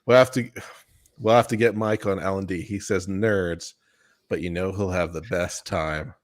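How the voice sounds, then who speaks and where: Deep-voiced male co-host, playful, tosses in "baby" asides. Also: fairly even intonation, normal speed. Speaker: co-host reading super chats. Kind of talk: casual livestream chat.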